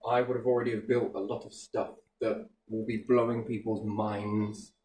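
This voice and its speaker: A man's voice: on the low side, moderate pace, rough recording. A man chatting casually and animatedly, with a faint hiss of noise behind him. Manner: animated, playful, slips into silly put-on voices. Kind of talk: casual chat.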